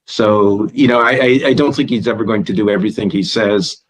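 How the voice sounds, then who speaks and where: Low-voiced man giving halting analysis. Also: low-quality recording. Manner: thoughtful, halting with repeated starts. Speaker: guest analyst. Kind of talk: remote interview commentary.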